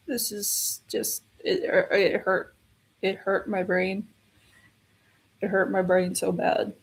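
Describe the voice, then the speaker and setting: A woman's voice: mid-range voice, vocal fry. A woman giving an exasperated, ranting film review, repeating her complaints in a casual tone.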